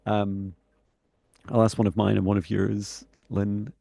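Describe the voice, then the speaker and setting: Male co-host, gravelly, laid-back conversational delivery. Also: on the low side, unhurried, no echo, clean studio sound. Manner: relaxed, chatty, laughs between thoughts. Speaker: psychic mentor and co-host. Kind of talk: live-stream casual chat.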